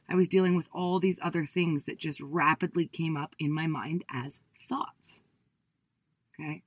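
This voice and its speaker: A woman in her thirties giving a talk, telling a personal story with lively acted-out quotes of her past self. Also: no room sound. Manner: animated, acts out her own past voice in high bursts. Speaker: speaker.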